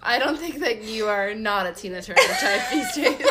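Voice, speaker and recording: Lively, laughing woman podcast co-host. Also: moderate pace, a crowd in the background. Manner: warm reactive listener, laughs easily, lively pitch. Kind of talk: casual chat.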